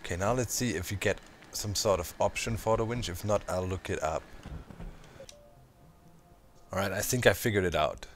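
A man hosting a gameplay channel, chatting casually and thinking out loud as he plays, throwing in little sound effects. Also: low-pitched, normal speed, pauses often, slight background noise. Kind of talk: casual let's-play commentary.

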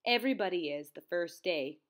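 A woman voicing a calm, reassuring frog mother in a storybook read-aloud. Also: on the low side, brisk, natural voice. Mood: soothing.

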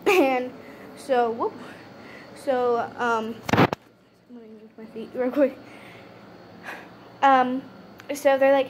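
A young woman with a high voice tells a story to the camera in loose, casual chat. She stutters and restarts often, filling gaps with "um" and "like". A faint hiss of room noise sits behind her. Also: fairly even intonation, unhurried, long pauses. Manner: stutters, many fillers and restarts. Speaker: vlogger.

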